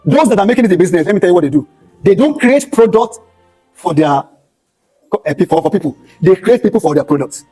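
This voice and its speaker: At a skills bootcamp, in the event hall, a Nigerian pastor gives a sermon-style motivational talk, hammering home key phrases through repetition. His high-pitched voice is animated, fast and warm, with a breathy edge, over soft background music and poor audio.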